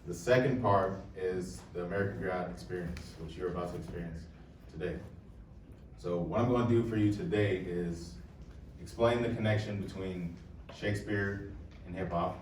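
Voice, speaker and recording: A man's voice: deep voice, moderate pace, a little mellow, a little hiss or hum. A young man presenting a talk to a live audience in a casual, joking way, speaking to the crowd directly. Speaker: poet and presenter. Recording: echoey room, voice heard from far off.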